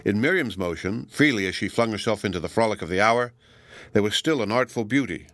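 Male narrator for a classic novel: low, measured, dry and close. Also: no echo. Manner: measured, even reading. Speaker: audiobook narrator. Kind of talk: scripted narration.

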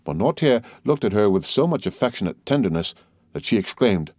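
Low-voiced man narrating a classic novel. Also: big pitch swings, brisk, a little mellow, no echo, studio quality. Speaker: audiobook narrator. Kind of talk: scripted narration.

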